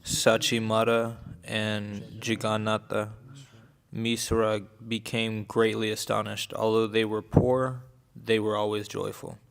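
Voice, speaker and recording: A man reads scripture aloud for his group in a careful, measured way. His voice is low and gravelly, yet smooth and resonant, held almost completely level in pitch. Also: monotone. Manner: measured, careful reading with small restarts. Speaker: reader in a group reading.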